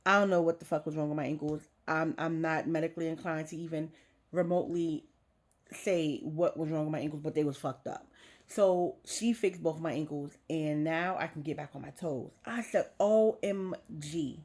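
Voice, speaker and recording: Woman vlogging her story, low voice, frank and emotional, swears a bit. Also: normal speed, darkish tone. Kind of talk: candid personal storytelling.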